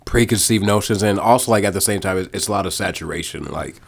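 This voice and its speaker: Halting young man with a low voice. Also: vocal fry, slightly rough. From Iowa. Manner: halting, repeats words, trails off softly. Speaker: podcast guest, R&B artist. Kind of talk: casual chat.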